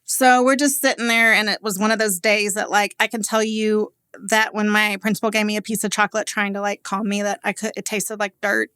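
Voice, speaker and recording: Podcast guest: woman in her forties from Texas, mid-pitched, candid storyteller, chatty fillers, dry close sound. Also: level tone, bright, forceful tone, clean tone, dry recording. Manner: candid and conversational, many "like" fillers, quick laughs. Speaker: guest, business owner. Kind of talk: personal storytelling in a podcast interview.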